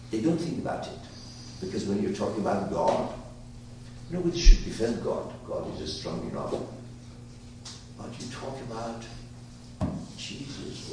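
A man whose first language is Persian, teaching a class in an emphatic, animated way that swings from loud to hushed, recorded from a distance in an echoey room. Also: mid-range voice, slight background noise. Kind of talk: lecturing a class.

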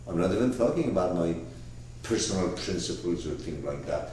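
A man teaching a lecture on a classic poet's book, emphatic and animated, often restarting and repeating words. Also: sits low, a little fast, a little hiss or hum. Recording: echoey room from far off.

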